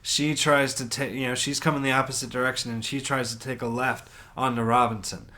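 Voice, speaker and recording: A man co-hosting a podcast, telling a story in casual chat, animated and swearing a lot as he acts out his own reactions. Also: mid-range voice, a little fast. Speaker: podcast co-host.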